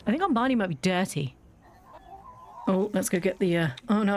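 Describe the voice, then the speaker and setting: A woman's voice: mid-range voice, animated, moderate pace, a little mellow, slight background noise. A woman with a British accent, bluntly ranting and swearing freely while chatting over a game. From Britain. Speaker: YouTuber playing a game. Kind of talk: casual gameplay commentary.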